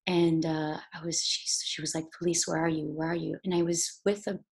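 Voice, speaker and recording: A young woman actor in an interview, telling a personal story in a halting way with many restarts, at times tearful with her voice breaking. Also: deep voice, little pitch movement, gravelly, a little mellow, breathy edge. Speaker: actor guest.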